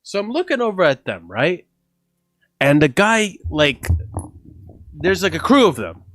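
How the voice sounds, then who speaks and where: A man's voice: on the high side, measured pace, dry recording. A man casually telling a story on a livestream, rambling and profane, full of "bro" and "like". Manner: animated, laughing through the story.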